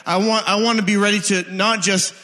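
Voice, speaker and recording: A man's voice: high-pitched, fairly even intonation, brisk, pushed and bright. A man, preaching a casual, conversational sermon in a church hall. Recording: hall with long reverb.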